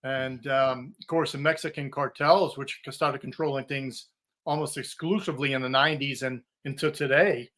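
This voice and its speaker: An older man, a retired drug agent, giving steady, informed answers as a podcast guest. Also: mid-range voice, moderate pace. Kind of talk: interview answers.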